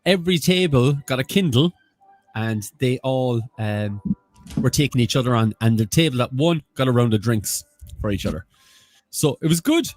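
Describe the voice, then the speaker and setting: Male quiz co-host, animated pitch, friendly shout-outs to viewers. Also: normal speed, no echo, soft background music. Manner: chatty, greeting viewers by name. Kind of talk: casual banter on a livestream.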